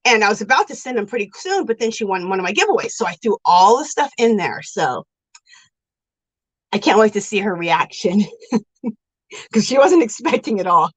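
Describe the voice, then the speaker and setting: Chatty woman livestreaming with a lively voice. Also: medium pitch, normal speed, long pauses, dry recording, poor audio. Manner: chatty and effusive, calls viewers girl and sweetie. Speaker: livestream host of a yarn crafting show. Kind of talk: casual livestream chat, reading comments aloud. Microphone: phone.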